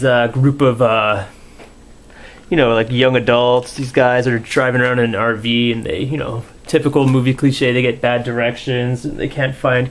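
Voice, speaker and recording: A young man giving a casual, rambling movie review, full of fillers and swearing, dismissive in tone. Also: mid-range voice.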